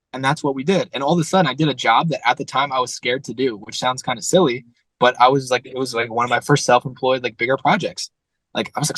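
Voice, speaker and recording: Fast-talking young man, brisk storyteller. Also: medium pitch, fairly bright tone, no room sound, poor audio. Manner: fast, rambling storyteller who acts out quotes. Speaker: guest entrepreneur. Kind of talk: casual conversation.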